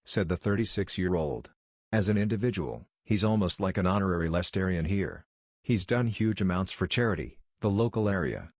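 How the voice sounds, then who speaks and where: Deep male news narrator, measured and solemn, dry studio read. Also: darkish tone, no echo.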